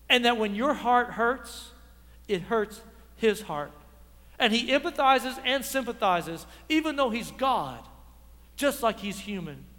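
Male pastor, animated sermon delivery, bright edgy tone, reverberant sanctuary. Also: sits high. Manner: animated preaching, acts out dialogue, builds to shouts. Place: church sanctuary.

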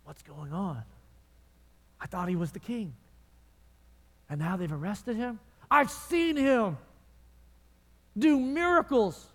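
A man's voice: sits high, slow pace, long pauses, fairly bright tone, heavily acted. A man preaching, voicing the disciple Peter as frightened and bewildered in a sermon retelling. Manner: frantic, pleading. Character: anguished male disciple Peter, fearful and bewildered. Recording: long reverb of a large hall.

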